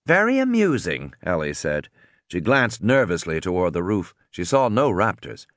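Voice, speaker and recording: A man narrating an audiobook in a dramatic, expressive way. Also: sits low, normal speed, no room sound, clean studio sound.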